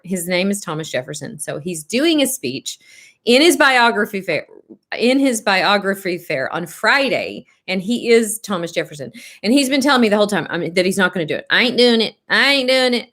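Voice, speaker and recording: A woman's voice: mid-range voice, fairly bright tone. A middle-aged woman vlogger chatting casually on a live video, telling stories with quoted dialogue.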